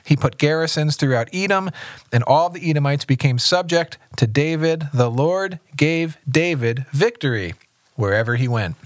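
A man, a pastor, reading scripture aloud in a measured, steady voice and discussing it on a podcast. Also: on the high side, no echo, clean studio sound.

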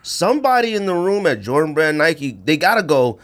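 A man co-hosting a podcast, talking in casual chat with slang and a mocking, animated delivery. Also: fairly high pitch, brisk. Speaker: podcast co-host.

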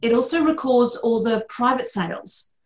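A middle-aged woman with a distinct accent talks bluntly and with energy about her work, laughing at her own jokes. Her voice sits a little high for a woman. The sound is roomy, with echo around her. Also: expressive, normal speed. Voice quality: distinct accent noted by hosts. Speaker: mortgage broker guest. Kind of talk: casual podcast interview.

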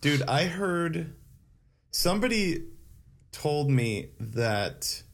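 A man's voice: fairly high pitch, big pitch swings. Laid-back Midwestern man on a podcast. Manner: laid-back, says "dude", quick agreeing replies. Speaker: podcast co-host. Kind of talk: casual chat.

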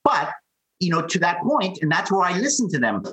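A man, a podcast guest who tells his story in an animated way and acts out the people he quotes. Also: high-pitched, fairly quick, breathy edge, rough recording.

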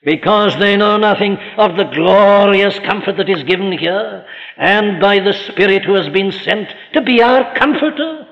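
A man preaches a sermon in a fairly high voice, firm and emphatic, asking rhetorical questions and slowing down when he quotes scripture. His words ring out with a long hall reverb. The old recording sounds dull and muffled.

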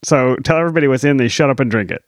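A man's voice: mid-range voice, expressive, racing, no echo, clean studio sound. A man co-hosting a podcast, chatting casually and laughing easily. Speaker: podcast co-host. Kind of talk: casual chat.

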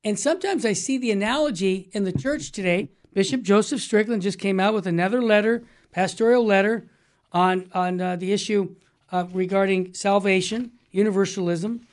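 A man's voice: high voice, moderate pace. Emphatic older male talk show host. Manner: emphatic, rambling storyteller. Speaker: Catholic radio host. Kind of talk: casual talk show discussion.

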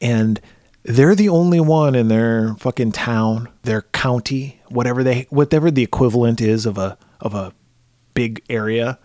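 Co-hosting a podcast, a middle-aged man spins stories in laid-back chat and doesn't hold back on swearing. He talks at a normal speed in a mid-range voice, animated throughout, on a dry, clean studio recording.

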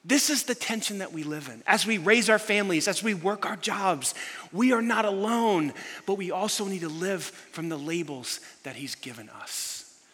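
A man preaching a sermon as pastor, telling a story with animated emphasis. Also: high voice, normal speed. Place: large church hall. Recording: long reverb in a large hall.

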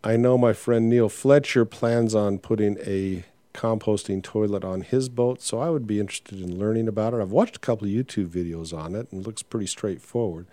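Older man, podcast host, low mellow voice, dry close sound, rambling and frank. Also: fairly quick, hardly any pauses, no room sound. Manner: rambling, frank, with frequent "uh" fillers. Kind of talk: casual podcast monologue.

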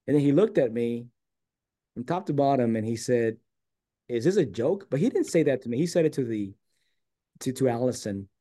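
A man's voice: medium pitch, moderate pace, pauses often. A man from San Diego, a guest on an interview show, telling a long personal story in a casual way and acting out the quoted lines. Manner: animated, acts out quoted dialogue.

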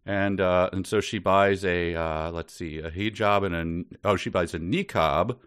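A man's voice: sits low, fairly even intonation, a little slow, fairly bright tone, clean tone. A man co-hosting a podcast book discussion in casual chat, sarcastic and mock-indignant, laughing often. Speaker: podcast co-host.

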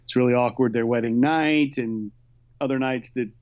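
A podcast co-host chatting casually about a show, relaxed and a little hesitant. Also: mid-range voice, moderate pace. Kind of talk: casual chat. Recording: dull lo-fi sound.

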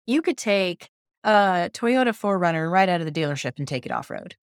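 A woman's voice: lowish voice, lively intonation, fairly quick, smooth, no echo, studio quality. A woman in her fifties, a journalist guest telling her story in a casual podcast chat, enthusiastic and laughing often. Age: 50s.

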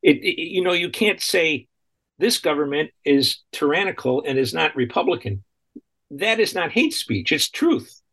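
A man's voice: a little high, very animated, measured pace, a bit bright. A man co-hosting a talk radio show, speaking indignantly and often repeating and restarting his phrases.

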